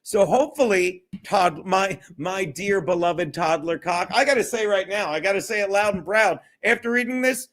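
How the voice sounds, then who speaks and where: Speaking at normal speed with hardly any pauses, this man has a high-pitched, fairly bright voice. He's the host of a casual solo livestream, swearing, giggling, and wandering from topic to topic.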